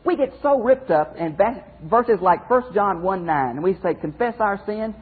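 A man's voice: high-pitched, lively intonation, normal speed, husky. A man teaching as a pastor in a Bible study lecture, emphatic, repeating phrases and speaking straight to his listeners. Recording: phone-like narrow band audio.

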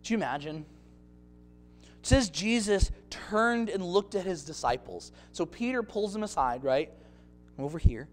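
Male pastor, expressive sermon delivery with acted-out scenes, higher voice. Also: unhurried, slight background noise.

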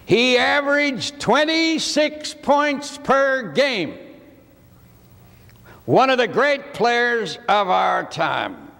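Slow, gravelly preacher in an echoing hall. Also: male voice, very high voice, big pitch swings, bright, forceful tone. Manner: folksy, dramatic pauses. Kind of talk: sermon storytelling. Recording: archival sermon with long hall reverb.

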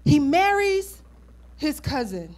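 Brief: woman pastor, high voice, conversational sermon with asides to the congregation. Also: very animated, slow, darkish tone.

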